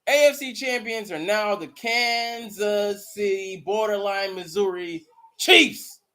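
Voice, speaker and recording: A man hosting a live watch party, commenting casually and profanely on the game with excitable outbursts. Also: high-pitched, slow pace. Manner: profane, excitable, bursts into mocking shouts. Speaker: live stream host.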